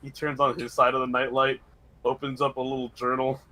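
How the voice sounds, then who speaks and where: A man's voice: mid-range voice, a little fast. A man hosting a casual comedic chat, spinning silly stories with frequent laughter. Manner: animated storytelling, frequent laughter. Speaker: host.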